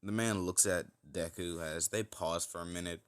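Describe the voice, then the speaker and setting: Deep-voiced man rambling through a story. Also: fairly even intonation, moderate pace, clear, resonant tone. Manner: rambling, full of fillers, swearing. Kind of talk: casual fan-fiction narration.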